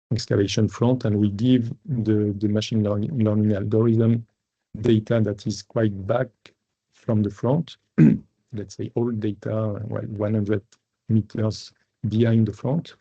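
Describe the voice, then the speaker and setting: A man's voice: lowish voice, gravelly, warm tone, breathy edge, no room sound. A man giving a technical webinar talk over a video call, hesitant, with many fillers and restarts. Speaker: researcher presenting at a webinar. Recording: dull lo-fi webinar audio, dry.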